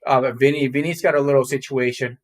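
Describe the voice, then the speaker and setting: A man's voice: mid-range voice, fairly even intonation, quick pace. Male co-host for a casual talk show, candid and rambling, loops back on his words. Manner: rambling, repeats himself, blunt and candid. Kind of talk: casual morning talk to viewers.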